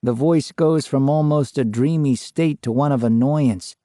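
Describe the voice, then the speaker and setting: Male storyteller, measured and unhurried, mid-pitched voice, dry sound. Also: mellow, no echo. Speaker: narrator. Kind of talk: scripted ghost story narration.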